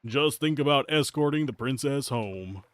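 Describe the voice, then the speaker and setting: Man voicing a rigid knight reciting orders to himself, lively pitch, dry room. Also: normal speed, no echo, close to an everyday voice. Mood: dutiful. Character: stiff, dutiful male knight, loyal and anxious. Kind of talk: live reading of game dialogue.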